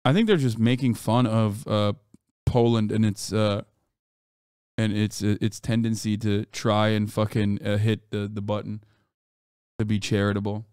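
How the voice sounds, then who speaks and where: A man streaming live, reacting to news with profane, animated commentary and talking back to his chat. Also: lowish voice, smooth, no room sound, studio quality. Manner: reads quotes aloud quickly.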